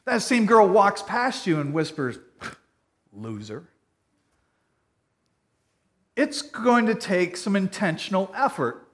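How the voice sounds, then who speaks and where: A man delivers a sermon in an earnest, conversational tone. His voice sits a little high for a man. He swings between loud, emphatic lines and quiet, soft passages. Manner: earnest, conversational preaching with wide swings in loudness. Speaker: pastor.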